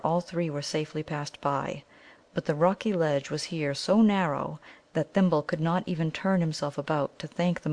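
A woman narrating a children's adventure novel in a measured way. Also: low-pitched, a little mellow. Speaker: audiobook reader. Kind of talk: storybook narration.

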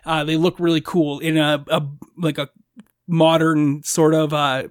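A woman's voice: sits low, level tone, no room sound. Game master, woman, playful and giggly, dry close mic. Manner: playful, laughs often, halting restarts. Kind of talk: narrating a tabletop game.

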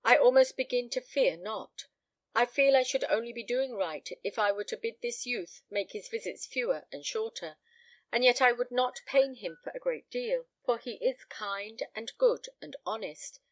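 A woman's voice: a little high, moderate pace, dry recording, close to an everyday voice. A woman voicing a grave, anxious elderly father, speaking solemnly and earnestly.

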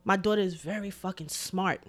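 A young woman tells a story in loose podcast banter. She talks with animated emphasis and plenty of swearing, and her pitch sits in the middle of the range. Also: a little fast. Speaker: podcast co-host. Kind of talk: casual storytelling chat.

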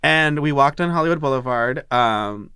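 A man's voice: medium pitch, moderate pace, clean tone, no echo. Candid, profane man in a dry room. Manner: candid, profane, animated retelling. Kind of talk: personal storytelling.

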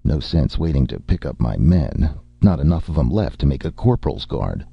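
A man voicing a big gruff barbarian warlord with a deep, rumbling voice, rueful and amused. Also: big pitch swings, moderate pace, dry recording, exaggerated voice. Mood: gently gruff. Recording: dull lo-fi recording.

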